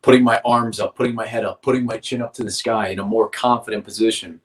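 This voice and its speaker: A man's voice: on the low side, flat delivery, fast. A man teaching athletes in a motivational coaching style, explaining step by step and often checking in with "right?".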